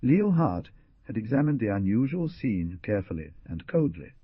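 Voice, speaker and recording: A man narrating an adventure audiobook in a dramatic, expressive reading. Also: on the low side, normal speed, husky, dry recording, lo-fi sound. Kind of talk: scripted narration.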